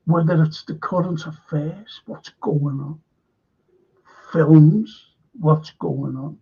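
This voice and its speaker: A man's voice: on the high side, slow, vocal fry, breathy edge. A man hosting a film and TV review livestream, chatting casually and rambling, swearing freely and repeating himself. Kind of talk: casual livestream chat reading viewer comments. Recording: dull lo-fi stream audio.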